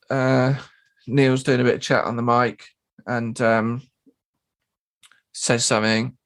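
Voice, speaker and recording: A man co-hosting a podcast, telling a gig story in casual chat, swearing and mimicking people in high squeaky voices. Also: a bit bright. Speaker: podcast co-host and drummer.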